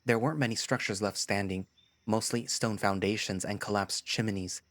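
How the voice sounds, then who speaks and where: A man narrating a first-person story in a lively storytelling manner. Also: lowish voice, normal speed, dry recording. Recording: music playing behind.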